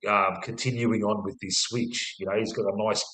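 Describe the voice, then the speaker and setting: Casual Aussie podcast co-host, young man, lowish voice, loose and profane. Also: flat delivery, normal speed, a bit bright, echoey room, poor audio. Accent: Australian. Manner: swears constantly, laid-back, rambling. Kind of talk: casual footy chat.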